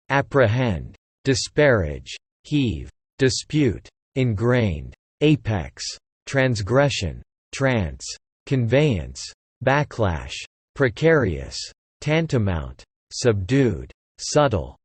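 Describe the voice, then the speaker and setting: A man reading a long list of English vocabulary words aloud, one word at a time, slowly and evenly. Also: mid-range voice, a little mellow, husky, dry recording. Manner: reads single words one after another, slowly and evenly. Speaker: vocabulary reader.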